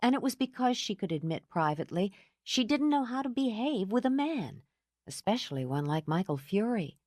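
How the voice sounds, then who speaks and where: Ekspresyjna lektorka, suche studyjne nagranie. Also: female voice, mid-range voice, sing-song, normal speed, darkish tone, no room sound, clean studio sound. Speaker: audiobook narrator. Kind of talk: scripted narration.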